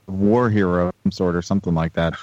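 A man's voice: low voice, steady tone, a little fast, a little mellow, no echo. An Australian man hosting a podcast in casual, joking chat. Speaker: podcast host. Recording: dry, slightly dull sound.

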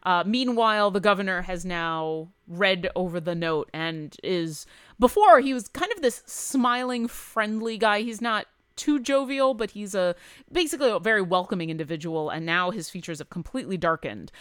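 A woman's voice: medium pitch, lively intonation, normal speed, fairly bright tone, smooth, no echo. A woman narrating as game master in a chatty, descriptive way.

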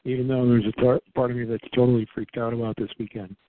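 A man's voice: medium pitch, flat delivery, fast talker, dry recording. A man in his forties, a coaching client, repeating phrases after his coach with some hesitation. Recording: tinny dry call line.

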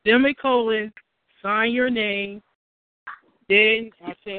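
A woman's voice: mid-range voice, moderate pace. A woman hosting a call-in show, giving casual advice, often restarting and acting out little dialogues. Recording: tinny phone line.

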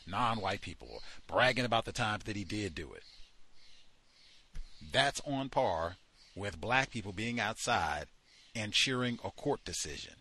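A man's voice: on the low side, sing-song, unhurried, bright, forceful tone, slightly rough. A man hosting a study session, reading passages aloud from a book and breaking off into heated commentary, with frequent fillers while he searches the text.

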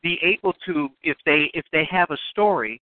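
A man's voice: fairly high pitch, lively intonation, no room sound. A man hosting a radio interview, speaking casually and repeating words as he frames his questions. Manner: halting, repeats words while framing questions. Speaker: radio show host. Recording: tinny phone line, dry.

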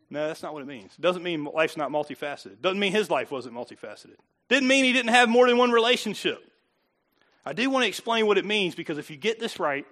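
A man's voice: high voice, sharp tone. A middle-aged male pastor preaching a sermon to a congregation in a chatty, joking way, often putting questions to the listeners. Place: church before a congregation.

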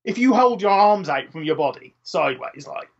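A man's voice: high-pitched, very animated, moderate pace, gravelly, breathy edge, muffled recording. A man co-hosting a casual film podcast, chatty and full of trivia, often tagging his points with questions. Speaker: podcast co-host.

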